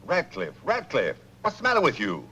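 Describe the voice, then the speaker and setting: An actor playing a cautious, officious school board man who talks in a measured way, in 1940s film acting. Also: fairly high pitch, wildly swooping pitch, bright, forceful tone, slight background noise, heavily acted. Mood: surprised. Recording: muffled old film sound.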